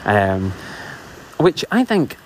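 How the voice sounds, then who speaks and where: A man telling a myth in a relaxed, chatty way, full of ums and asides. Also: on the low side, very slow. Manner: chatty, digressive, laughs often, many fillers. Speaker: storyteller. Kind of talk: casual oral storytelling.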